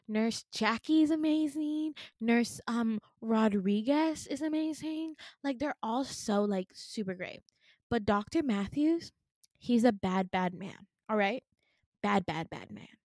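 A woman's voice: on the high side, no echo, clean studio sound. A woman voicing a cheerful, clingy young female nurse who talks in a bubbly, pushy way.

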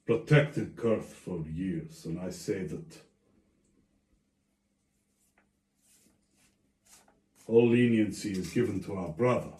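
A man's voice: mid-range voice, lightly acted. A man doing a stern dwarf senator. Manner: slow, grave pronouncements of judgment. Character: honorable blonde dwarf senator, stern and solemn. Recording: echoey room.

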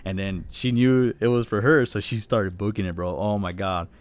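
A man's voice: fairly low pitch, steady tone, moderate pace. A young man in casual chat, laid-back and swearing a lot, saying dude and bro.

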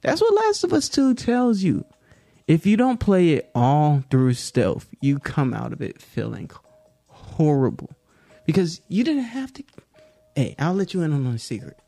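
A man's voice: fairly high pitch, huge pitch swings, measured pace, vocal fry, dark tone, faint music behind. A man giving a rambling, joking monologue as a video creator, drifting into clumsy freestyle rap. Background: hip-hop beat playing.

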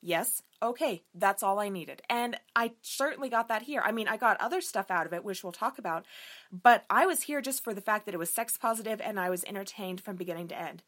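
A woman's voice: mid-range voice, animated, a little fast, a bit bright. A young woman giving a casual book review, emphatic and enthusiastic, swearing freely as she gushes. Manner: emphatic, enthusiastic and frequently profane.

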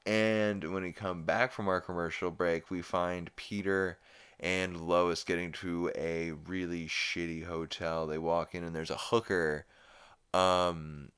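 A man's voice: low-pitched, flat delivery, slow, fairly bright tone, smooth. A man hosting a podcast, recapping a cartoon episode in a rambling, profane, laid-back way. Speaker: podcast host.

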